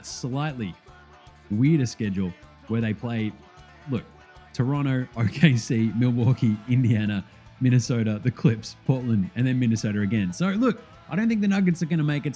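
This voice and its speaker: With a husky, medium-pitched voice and an Australian accent, a sports podcast host gives excited, informal commentary, laughing and swearing freely.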